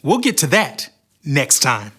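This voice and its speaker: Animated man telling a Bible story. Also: medium pitch, measured pace, breathy edge. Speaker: Bible storyteller on a kids' show. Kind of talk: scripted Bible story narration.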